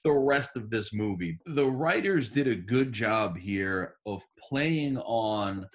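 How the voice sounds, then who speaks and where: A man's voice: on the low side, animated, slow. A man co-hosting a podcast in casual chat, often stumbling and restarting as he builds his point. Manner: stammers and restarts while forming his opinion. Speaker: podcast co-host.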